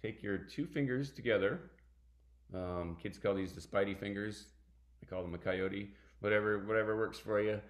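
A middle-aged man teaching a ukulele workshop, calmly explaining and vocalizing strum patterns by counting them aloud. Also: on the low side, moderate pace. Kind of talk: online music workshop lesson. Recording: echoey room with ukulele playing.

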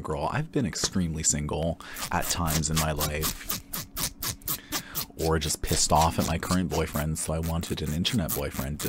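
A man rambling candidly and campily in a relaxed ASMR chat, drifting into soft whispers, tired and a little tipsy. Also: a bass voice, a little hiss or hum. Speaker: ASMR creator.

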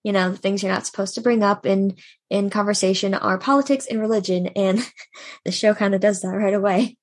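A woman's voice: medium pitch, brisk. A woman co-hosting a podcast, animatedly retelling scenes from a comic and laughing often. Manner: animated storyteller, acts out quoted lines, laughs often. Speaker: podcast co-host. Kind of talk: casual chat retelling manga scenes.

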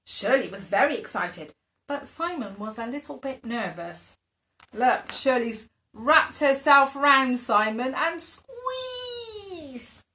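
Kids' class host, woman, bright and lively, reads slowly on a live stream. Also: fairly high pitch. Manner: gentle, animated storytelling. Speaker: children's dance class host. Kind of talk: bedtime story reading on a live stream. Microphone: phone or webcam for a live stream.

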